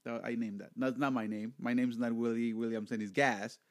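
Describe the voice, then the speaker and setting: A man hosting a casual podcast chat. He is jokey and animated, and he often repeats his words. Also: medium pitch, fairly quick. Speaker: podcast host.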